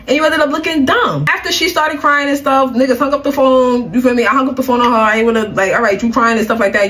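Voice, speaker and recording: A woman's voice: fairly high pitch, a bit bright. Blunt, heated young woman telling a story. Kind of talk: casual storytime vlog.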